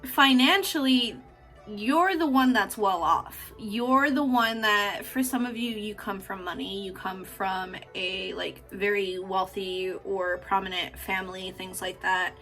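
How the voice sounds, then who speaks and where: A woman's voice: medium pitch, unhurried, a bit bright, faint music behind. A woman giving a casual pick-a-card tarot reading, chatty, affectionate and freely profane, often laughing. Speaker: tarot reader.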